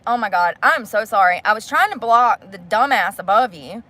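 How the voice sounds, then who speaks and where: A woman's voice: medium pitch, lively intonation, normal speed, sharp tone. A woman chatting casually on a phone livestream, blunt and profane as she vents to her viewers.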